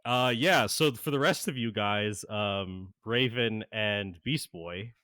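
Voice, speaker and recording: A man narrating as game master of a tabletop game, halting and full of fillers and laughs. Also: fairly low pitch, bright, forceful tone, clear, resonant tone, no room sound, clean studio sound.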